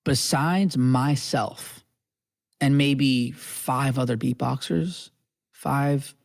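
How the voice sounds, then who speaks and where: A man appearing as a podcast guest, talking in an excitable, fast way. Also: medium pitch, vocal fry. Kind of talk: casual podcast chat. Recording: faint music behind.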